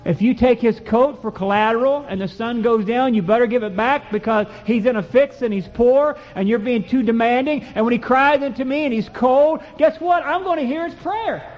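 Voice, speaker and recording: A man's voice: very high voice, normal speed, few pauses, big-room sound. A man preaching a sermon and reading scripture in a folksy, emphatic way that builds to fervent peaks. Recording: dull lo-fi recording.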